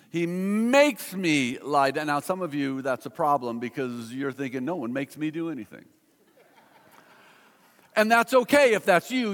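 A middle-aged male pastor preaching a sermon, slowing down to stress each scripture line. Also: a little high, fairly bright tone. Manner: measured preaching with slowed emphatic scripture readings. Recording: long hall reverb.

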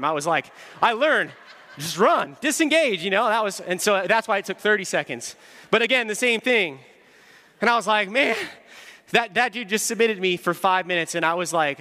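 A man's voice: high-pitched, animated, normal speed, bright, forceful tone. A man giving a humorous, self-deprecating storytelling talk to an audience in a large hall.

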